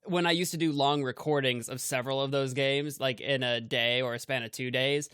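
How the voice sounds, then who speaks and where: A man's voice: mid-range voice, steady tone, brisk, a bit bright, clear, resonant tone, dry recording, studio quality. A man co-hosting a casual podcast, self-deprecating and often breaking into laughter. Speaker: podcast co-host and YouTuber.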